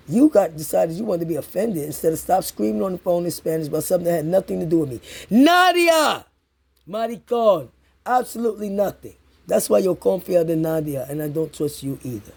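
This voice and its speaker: A man's voice: fairly high pitch, vocal fry, warm tone, breathy edge. A man in an angry, profane rant, hurling accusations at someone and repeating himself. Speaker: tenant confronting building super.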